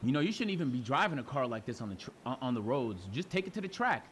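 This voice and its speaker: A man's voice: mid-range voice, very animated, fast, a bit bright, voice pushed down. A young man imitating a condescending male police officer during a traffic stop, curt and scolding. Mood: stern.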